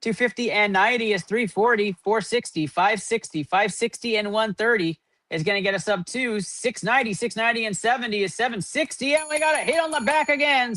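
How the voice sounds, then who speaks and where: A man's voice: high-pitched, bright, forceful tone, no room sound. A man hosting a live card-opening stream, rattling off running point totals and hyping up each pull. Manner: running tally of numbers, upbeat hype. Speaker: host.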